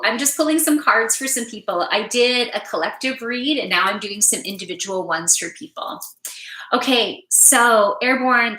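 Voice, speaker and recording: A woman giving a live oracle card reading, speaking gently and emotionally to her viewers and reading their comments aloud. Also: mid-range voice, roomy sound, rough recording. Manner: gentle, spiritual, emotive, reads chat aloud.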